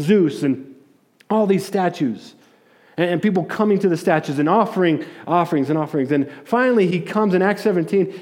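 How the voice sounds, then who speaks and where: Guy pastor giving a sermon, kinda high voice, stumbles and repeats words, chatty storytelling. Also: darkish tone. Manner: conversational preaching with frequent stammered restarts; storytelling, acting out voices in quotes.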